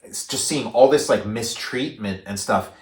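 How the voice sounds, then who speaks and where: A man's voice: medium pitch, moderate pace. A man co-hosts a casual movie-chat podcast, talking in a loose, rambling way full of fillers and restarts. His voice sits in the middle of the range, and the room gives it a roomy echo. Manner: rambling, many likes and restarts, animated when paraphrasing. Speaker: podcast co-host.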